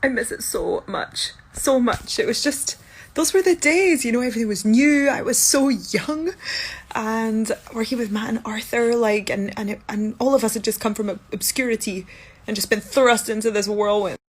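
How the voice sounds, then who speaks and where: A tired Scottish woman in her thirties chats casually at home, sounding half asleep. Her pitch jumps up now and then when she is excited. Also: normal speed. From Scotland. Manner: chatty, with lively upward jumps in pitch. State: low energy, half asleep. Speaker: actor answering fan assumptions. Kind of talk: casual chat. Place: indoors at home, in one room.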